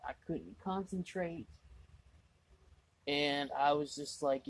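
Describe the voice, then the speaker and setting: A man's voice: a little high, takes it slowly, vocal fry. Rambling, exasperated man telling a story. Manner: rambling, lots of "I was like" asides; exasperated, self-mocking. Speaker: vlogger. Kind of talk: casual storytelling vlog.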